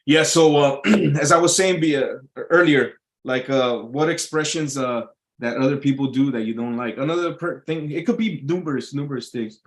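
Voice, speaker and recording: A man of medium pitch talks off the cuff to his live viewers. He rambles and swears freely, circling back with plenty of uhs and false starts. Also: moderate pace, hardly any pauses. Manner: rambling, profane, full of fillers and restarts. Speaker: YouTube livestreamer. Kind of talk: casual rambling monologue. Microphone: live stream mic.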